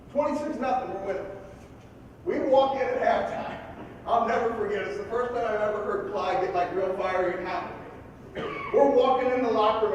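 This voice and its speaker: A high-pitched man, a football coach, tells stories in a motivational speech and now and then bursts into loud yelling. His voice comes from far off in a big hall with a long, booming echo. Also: dull audio, slight background noise.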